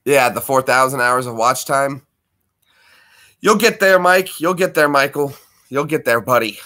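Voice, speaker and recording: A man's voice: medium pitch, animated, a little slow, bright, forceful tone. A man hosting a casual live stream from home, chatting with viewers, greeting them by name and laughing easily.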